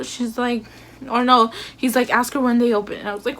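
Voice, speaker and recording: Brief: young woman vlogger, slightly high voice, rambling storytime delivery heavy on fillers. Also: flat delivery, brisk, slight background noise. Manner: chatty, filler-heavy retelling with acted quotes. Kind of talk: casual storytime.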